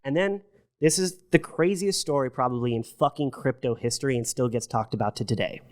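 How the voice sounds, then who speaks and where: Fast-talking, swearing male storyteller. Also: medium pitch. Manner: profane, animated, acts out quotes of others. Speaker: podcast guest. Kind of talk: casual storytelling.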